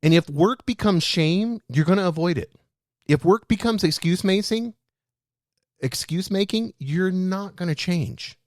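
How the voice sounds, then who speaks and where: A man hosting a leadership show, speaking straight to his listeners in a lively, animated way. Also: high voice, measured pace, no room sound, clean studio sound. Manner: animated, addresses listeners as "guys". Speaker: podcast host.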